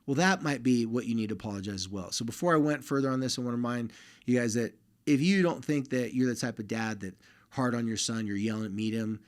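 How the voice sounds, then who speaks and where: A man in the middle range of pitch talks to fathers in an easy, conversational way. He speaks to listening dads directly, as a podcast host handing out plain advice. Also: fast talker. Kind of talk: casual advice talk.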